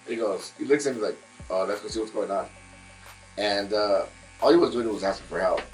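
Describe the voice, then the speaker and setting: A man's voice: on the low side, fairly quick, a little hiss or hum, poor audio. A man, a guest musician in casual chat in a barbershop, telling a long story with many fillers and restarts.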